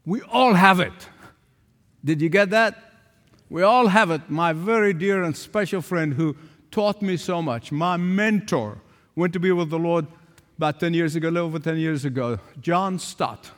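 A man's voice: on the high side, normal speed. An older man preaching a sermon, emphatic, repeating phrases for stress. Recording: long hall reverb.

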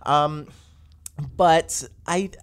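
A man co-hosting a podcast in casual chat, enthusiastic and quick to laugh as he gushes and complains. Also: on the high side, steady tone, clean tone. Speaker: podcast co-host. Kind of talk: casual pop-culture chat.

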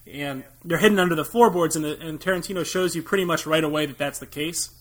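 A man's voice: fairly high pitch, quick pace, a bit bright. A young American man co-hosting a podcast, chatting casually about movies with a rambling, jokey manner and frequent laughs. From United States. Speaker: podcast co-host.

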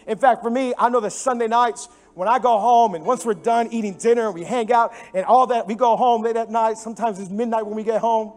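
A man preaching a sermon as a pastor into a microphone in a church, animated and emphatic, swinging between loud stresses and hushed, soft passages. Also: extremely high pitch, fairly quick, hardly any pauses. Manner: animated storytelling with sudden drops to hushed tones.

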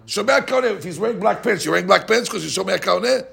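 Gravelly-voiced rabbi teaching a class. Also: male voice, sits high. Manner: animated, questioning the class, reads Hebrew text fast. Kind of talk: Talmudic lesson, mixing English and Hebrew.

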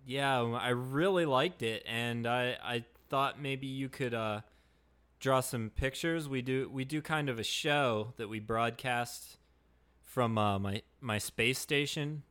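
A man's voice: mid-range voice, slow, fairly bright tone, clear, resonant tone. Rambling, hesitant male podcast host. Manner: hesitant and rambling, with many restarts and fillers. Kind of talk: improvised comedy podcast skit.

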